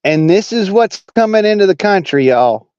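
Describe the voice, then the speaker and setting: A man's voice: high-pitched, lively intonation, normal speed, a little mellow, clear, resonant tone, no echo, lo-fi sound. A man from Arkansas with a Southern accent, hosting a casual political monologue in a blunt, profane, rambling way. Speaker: online talk show host.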